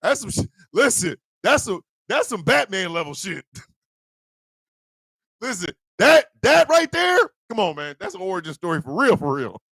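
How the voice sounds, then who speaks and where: A male host in a profane, loud comedic live-stream rant who laughs often. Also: high-pitched, big pitch swings, normal speed, vocal fry, breathy edge, dry recording.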